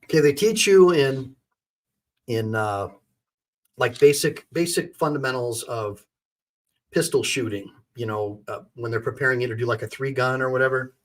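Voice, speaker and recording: A man's voice: mid-range voice, normal speed. A man hosting a livestream as an attorney, giving emphatic, indignant commentary and calling on his chat for reactions.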